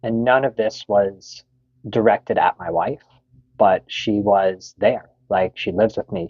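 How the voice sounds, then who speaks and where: A man's voice: fairly low pitch, slow, a little mellow, slightly rough, dry recording, muffled recording. A middle-aged Canadian man candidly telling a personal story, frank and swearing freely, with many fillers.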